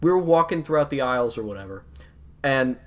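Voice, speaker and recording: A young man hosting a podcast, telling stories in a casual, profane and animated way that swings from mumbling to yelling. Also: medium pitch, brisk. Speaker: podcast host.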